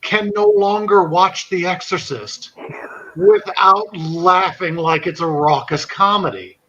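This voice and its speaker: Husky man telling a slow story. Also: high-pitched, lo-fi sound. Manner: animated anecdote teller, laughing through his story. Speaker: podcast host. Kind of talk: casual storytelling.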